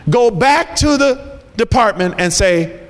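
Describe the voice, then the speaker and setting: A man preaches a sermon in a high voice, pressing his points home by repeating phrases. His words ring out with the long reverb of a large hall. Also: animated, slow pace. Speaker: pastor.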